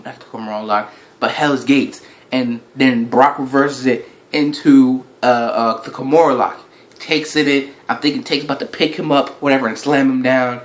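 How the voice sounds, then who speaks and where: Rambling excited wrestling fan, man. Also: mid-range voice. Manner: excited, rambling play-by-play with acted quotes. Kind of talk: casual reaction video.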